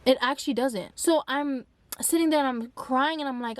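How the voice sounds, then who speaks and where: Young woman doing a storytime vlog, kinda high voice, super animated and dramatic. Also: normal speed, no room sound. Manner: animated, dramatic retelling with frequent "like". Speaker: vlogger.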